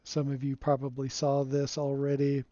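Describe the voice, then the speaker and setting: A man streaming a game, giving relaxed, rambling commentary and chuckling often, recorded on a home streaming mic. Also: medium pitch, moderate pace, dry recording. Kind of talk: casual gameplay commentary. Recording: dull lo-fi dry sound.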